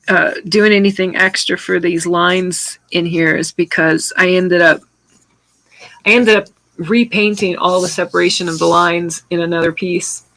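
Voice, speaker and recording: A middle-aged woman talks loosely through her painting session on a live stream, her voice bright and forward. She rambles, circles back on herself and chats with her viewers as she works, heard close and dry with no room around her. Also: lowish voice, gravelly, dry recording, low-quality recording. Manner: rambling and chatty, full of restarts, answers viewer comments. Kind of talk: casual live-stream chat while painting.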